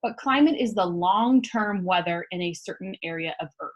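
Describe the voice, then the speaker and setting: A woman's voice: on the low side, lively intonation, normal speed, dull audio. A young woman, a grade school teacher, giving a remote lesson to young students in an upbeat, patient way, explaining step by step.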